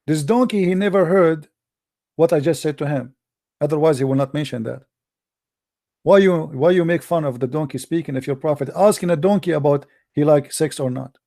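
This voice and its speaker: Man, live-stream host, mocking and blunt, higher voice, dark tone. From Middle East. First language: Arabic. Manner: combative, mocking, blunt insults. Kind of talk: heated live-stream debate.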